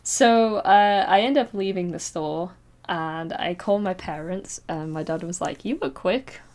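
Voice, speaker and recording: A woman's voice: fairly low pitch, a little mellow. A young woman chats on her stream mic, winding through a personal story in fits and starts. She trips over her words, circles back, and breaks into small nervous laughs. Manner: rambling, halting, with frequent fillers and nervous laughs. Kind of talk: casual storytelling chat. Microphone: streaming microphone.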